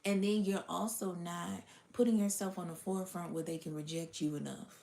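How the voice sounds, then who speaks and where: A woman's voice: on the low side, fairly even intonation, moderate pace, creaky, warm tone. A woman giving a casual spiritual reading to her audience, blunt and profane, sometimes dropping to a whisper. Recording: roomy echo.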